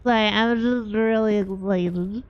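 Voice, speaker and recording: A young woman streaming a game, chatting casually and gushing with excitement, breaking into little squeals. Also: mid-range voice, moderate pace, muffled recording, slight background noise. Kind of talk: casual gameplay chat.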